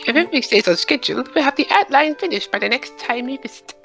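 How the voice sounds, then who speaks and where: A man putting on a high chirpy boastful painter. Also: lively intonation, fast talker, gravelly, pushed and bright, soft background music, heavily acted. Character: cheerful male street painter, boastful. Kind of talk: reading game dialogue aloud in voices.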